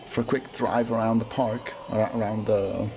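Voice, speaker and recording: A man's voice: fairly low pitch, level tone, moderate pace, vocal fry, noisy background. A young man casually chatting and joking with his live-stream chat while playing a game. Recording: loud game music behind voice.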